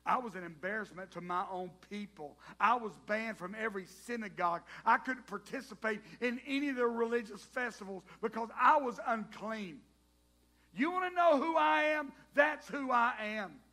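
A man's voice: on the high side, normal speed, pauses often, bright, forceful tone. A man voicing an ashamed male tax collector, declaring his disgrace with rising passion. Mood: ashamed defiance.

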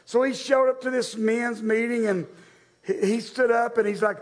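A man's voice: very high voice, fairly even intonation, moderate pace. A male pastor preaching a sermon to his church in a joking, self-deprecating, conversational way. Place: church sanctuary, live-streamed.

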